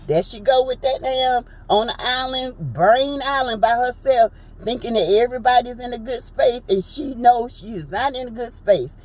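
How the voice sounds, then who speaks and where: Woman, casual recap chat, animated, chatty, pops into high voices for quotes. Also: unhurried, rough recording. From Southern United States. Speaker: reality TV recap host.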